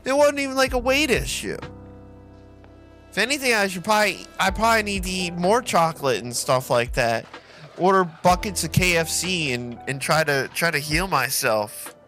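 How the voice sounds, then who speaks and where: A man's voice: high voice, animated, moderate pace, pushed and bright, faint music behind. A man chatting casually while he plays a game, rambling and joking, with a lot of swearing. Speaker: streamer. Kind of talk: casual chat while gaming.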